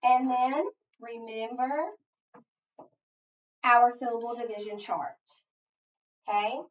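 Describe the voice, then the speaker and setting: A woman teacher giving a phonics lesson, thinking aloud step by step and pausing so listeners can finish her sentences. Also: on the high side, steady tone. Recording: echoey, distant, dull sound.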